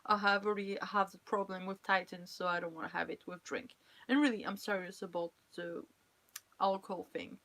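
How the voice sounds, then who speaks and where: A woman's voice: medium pitch, fairly even intonation, brisk, fairly bright tone. A young woman from France with a French accent, chatting casually and playfully on a live stream, laughing often and teasing her viewers. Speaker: cosplayer streamer.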